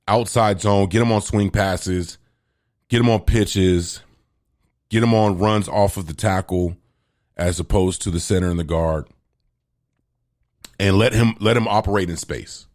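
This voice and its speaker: A man's voice: deep voice, fairly even intonation, unhurried, long pauses, darkish tone, no echo, clean studio sound. A man hosting a sports talk show, casually rambling through football analysis with slang and restarts. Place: home near an air base, planes heard.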